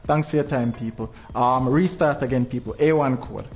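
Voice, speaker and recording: A man's voice: mid-range voice, moderate pace, highs cut off, slight background noise. Jamaican man venting on a stream. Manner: frustrated, preachy, heavy patois. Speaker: livestream tournament host. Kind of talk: livestream talk to viewers.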